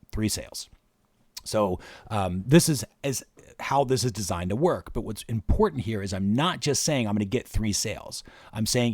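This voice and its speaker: A man's voice: medium pitch, darkish tone, no echo, studio quality. A man hosting a marketing workshop, walking casually through spreadsheet figures step by step. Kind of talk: screen-share workshop explanation.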